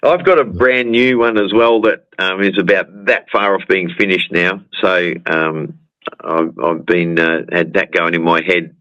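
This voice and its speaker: A man's voice: low voice, steady tone, a little slow, pushed and bright, dry recording, dull audio. A man with an Australian accent, a guest musician chatting casually in a rambling way and stumbling over repeated words on a video call. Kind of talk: casual chat.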